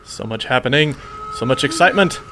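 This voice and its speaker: A man's voice: medium pitch, lively intonation, fairly quick. A man giving joking let's play commentary, talking to himself as he plays and jumping at scares. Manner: talks to himself, jumpy and joking. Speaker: gaming channel host. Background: game music.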